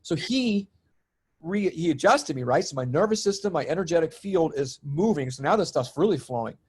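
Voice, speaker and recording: A man's voice: a little high, expressive, moderate pace, darkish tone, breathy edge. A middle-aged man guesting on a spiritual podcast, telling a story in casual chat and acting out his own quoted lines, with the odd swear word.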